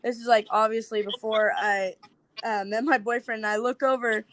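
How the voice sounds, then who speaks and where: A woman's voice: a little high, moderate pace, dry recording. A young woman telling prank stories on a podcast, giggling often and acting out her friends' lines. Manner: giggly, animated storyteller, acts out friends' lines. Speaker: guest TikTok creator. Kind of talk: casual podcast storytelling.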